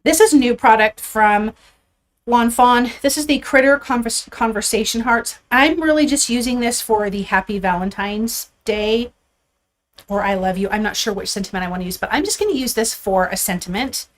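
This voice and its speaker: A woman's voice: a little high, moderate pace. A woman hosting a live card-making stream, chatting casually and upbeat with her viewers as she shows her supplies, a little out of breath. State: a bit out of breath. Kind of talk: casual live crafting chat.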